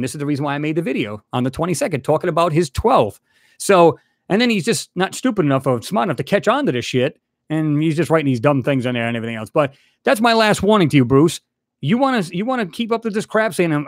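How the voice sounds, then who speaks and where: Channel host, male, fairly high voice with big swings, dry close sound, angry rant style. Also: dry recording. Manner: heated, repetitive, addresses a rival directly. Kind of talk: angry ranting vlog.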